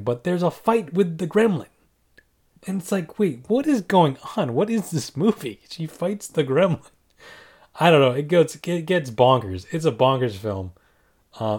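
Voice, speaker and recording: A man with a slightly high, somewhat mellow voice reviews movies casually. He rambles in an offhand way, ranking films with plenty of fillers and restarts.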